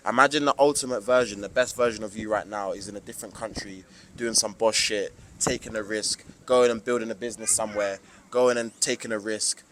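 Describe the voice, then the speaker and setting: A man's voice: on the low side, fairly even intonation, brisk, fairly bright tone, a little hiss or hum. A young man from the UK with a British accent, giving an emphatic, preachy motivational monologue to camera with lots of slang. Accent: British English. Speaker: vlogger.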